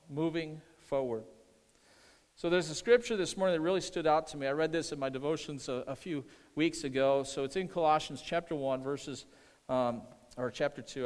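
Middle-aged male pastor, sermon, earnest, repeats himself, slightly high voice, reverberant hall. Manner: earnest, repeats phrases, asks for amens.

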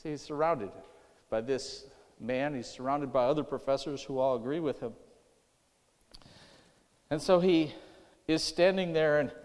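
Male preacher, slightly high voice, storytelling sermon, reverberant hall. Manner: storytelling, repeats himself, rises and falls in loudness.

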